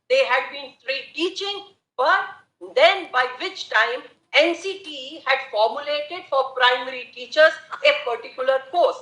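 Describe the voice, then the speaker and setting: A woman advocate argues formally before the bench, addressing it with set courtroom phrases. Her voice is high, bright and clear. It rings in a roomy courtroom. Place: large courtroom.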